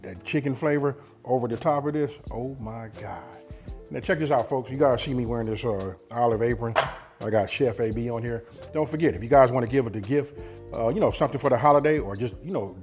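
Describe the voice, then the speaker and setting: A man's voice: medium pitch, darkish tone. A man hosting a home cooking channel, talking through a recipe in a folksy, chatty way and often asking "you know what I mean?". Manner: eats while talking at times. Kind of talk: casual cooking demonstration. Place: home kitchen.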